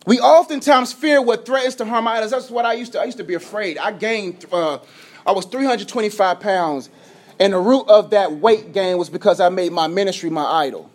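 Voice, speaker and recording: A man preaching a sermon as a pastor, energetic, dropping from loud to hushed, sometimes stuttering and tripping over his words. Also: sits high, normal speed.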